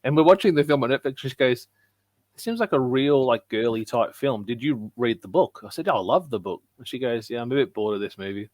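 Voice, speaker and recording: A man's voice: mid-range voice, expressive, a little fast, dry recording. A man chatting casually as a podcast co-host, telling stories and acting out what his wife said. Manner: chatty storyteller, acts out his wife's lines.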